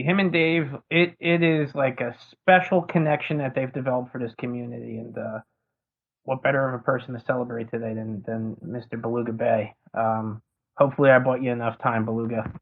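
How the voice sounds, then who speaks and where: A man with a mid-pitched voice moderates a casual voice chat. He introduces each speaker in a relaxed, upbeat way. His audio is tinny and thin, like a phone line. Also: a little fast. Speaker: host.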